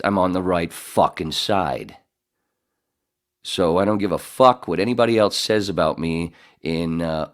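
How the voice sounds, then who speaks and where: A middle-aged man hosting a podcast in casual chat, rambling and swearing, often laughing. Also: sits low. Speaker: podcast host.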